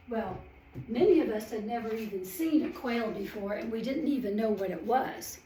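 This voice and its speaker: A woman telling a Bible story in character as a first-hand witness, slow and emphatic, acting out the quoted voices. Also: fairly high pitch, dark tone, a little hiss or hum. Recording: roomy echo, mic at a distance.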